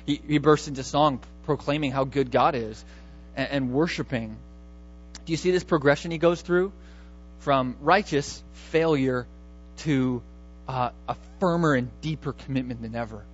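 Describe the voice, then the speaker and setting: A man's voice: mid-range voice, moderate pace, muffled recording, soft background music. A man preaching a sermon in a conversational, emphatic way, often restarting his words. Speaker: pastor.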